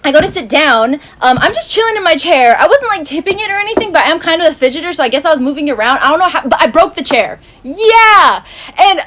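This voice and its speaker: A woman's voice: high-pitched, lively intonation, a bit bright. A woman casually telling an awkward personal story, chatty with lots of "like". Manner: quick, chatty, heavy use of "like".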